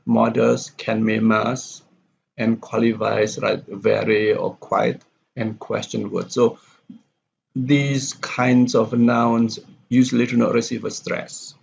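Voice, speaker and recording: A man's voice: on the low side, level tone, slow, gravelly. A man teaching a pronunciation lesson, reading example sentences aloud and then explaining which words take stress. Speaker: pronunciation lecturer. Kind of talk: classroom lecture on word stress. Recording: dull, lo-fi with faint background noise.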